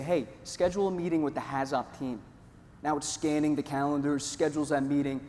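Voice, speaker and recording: A man from Northeast Pennsylvania giving a jokey, energetic conference talk to a live audience. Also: a little high. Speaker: conference presenter. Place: large conference hall. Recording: hall reverb, faint room noise.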